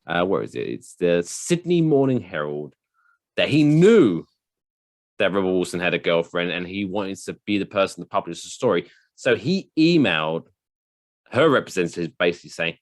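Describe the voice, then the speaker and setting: Animated, low-voiced podcast host. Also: male voice, moderate pace, no room sound. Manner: rambling, swears freely, animated storytelling. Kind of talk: casual comedic chat.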